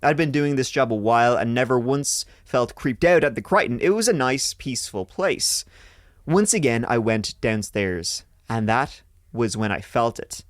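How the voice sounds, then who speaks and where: A man's voice: mid-range voice, animated, moderate pace, dry recording, studio quality. A man hosting a podcast, reading a listener's ghost story aloud in a casual way, swearing freely and joking between lines. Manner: swears freely, breaks off to joke mid-story.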